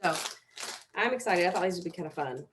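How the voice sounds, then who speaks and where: A woman's voice: on the low side, expressive, fast talker. A young woman teaching a casual mindfulness exercise, chatty and self-deprecating, giving step-by-step instructions and yawning now and then.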